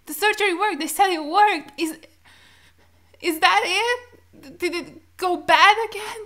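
A woman's voice: sits high, lively intonation, normal speed, a bit bright. A young woman reacting to a show while crying, distraught and pleading in disbelief, swearing now and then. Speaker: reaction video host. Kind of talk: emotional reaction commentary.

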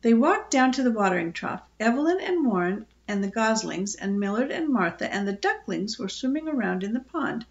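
An older woman reading a children's book aloud with expressive, gentle storytelling. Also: a little high, brisk, few pauses, dull audio.

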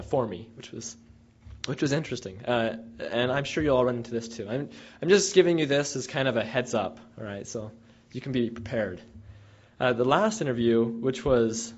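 A man's voice: mid-range voice, husky. Young man telling a field story. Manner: rambling, with many restarts and fillers, animated when retelling dialogue. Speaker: former field researcher advising students. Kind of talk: casual anecdotal talk. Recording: dull lo-fi recording.

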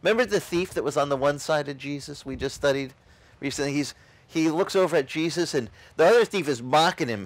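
Animated preaching man, dry close sound. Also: a little high, fairly quick, no echo. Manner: animated preaching with repeated restarts, voices quoted figures. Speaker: pastor. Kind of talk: sermon. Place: outdoor beach service.

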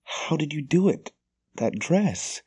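A man's voice: on the high side, very animated, slow pace, warm tone, slightly rough, voice pushed up, full character voice. A man voicing a frightened young woman who was held captive, her voice quivering, in an audiobook. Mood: shaken. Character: frightened young woman, freed captive, shaky then fierce.

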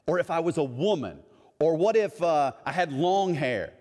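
A man's voice: on the high side, lively intonation, moderate pace, darkish tone, big-room sound. A middle-aged man preaching a sermon as a pastor, conversational and acting out other people's voices in his stories.

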